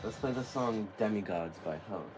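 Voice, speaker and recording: Excitable young man with a lowish voice. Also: normal speed, music in the background. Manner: excitable, laughs often, swears casually. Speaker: tarot reader hosting a spiritual channel. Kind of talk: casual chat to camera.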